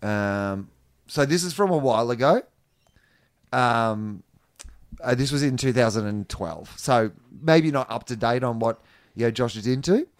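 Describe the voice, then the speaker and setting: A man's voice: medium pitch, animated, unhurried. Man reading aloud with jokes. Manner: reads web text aloud with joking asides. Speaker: podcast co-host. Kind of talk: casual chat.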